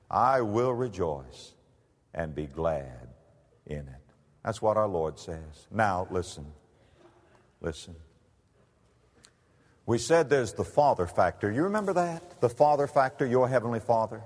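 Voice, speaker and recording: A man preaching a sermon, swinging from soft, low asides to loud, high-pitched emphasis. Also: very animated, slow pace, long pauses. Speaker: pastor. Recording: long hall reverb.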